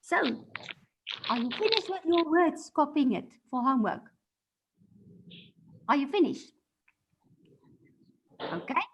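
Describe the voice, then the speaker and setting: A woman teacher reading a story aloud to her class, animated, acting out the parts. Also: high-pitched, slow pace, pauses often, poor audio. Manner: animated storyteller, gasps and acts out voices.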